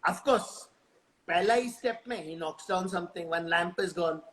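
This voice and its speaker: A man with an Indian English accent spins an improvised comic story on a live stream. He talks in an animated way, slipping Hindi words into his English. His voice sits high for a man. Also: fairly quick, slight background noise, low-quality recording.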